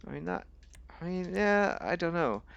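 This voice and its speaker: A man's voice: sing-song, normal speed, creaky, fairly bright tone, dull audio, slight background noise. A man giving casual, rambling, jokey commentary while playing a game, often talking to himself. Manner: rambling, chatty, jokey, talks to himself, sudden pitch jumps. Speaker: gaming video host.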